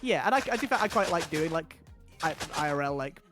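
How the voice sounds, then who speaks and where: A man's voice: fairly high pitch, expressive, brisk, over loud music. A man chatting casually as a guest on a stream, rambling with many restarts. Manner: rambling, stumbling restarts, lots of "like".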